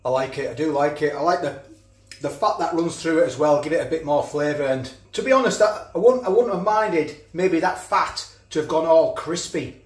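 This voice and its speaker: A man's voice: fairly high pitch, normal speed, echoey room. A man chatting casually as he cooks and tastes food in a home kitchen. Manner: chatty, talks while chewing, frequent restarts. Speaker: food reviewer. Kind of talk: casual food review vlog.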